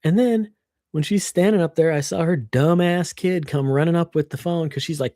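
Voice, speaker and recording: A woman streaming from her computer, chatting casually and venting with frank, freely sworn complaints. Her voice is warm and mellow, picked up dry and close by a computer microphone. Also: on the low side, normal speed, no echo. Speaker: livestreamer. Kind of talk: casual livestream chat.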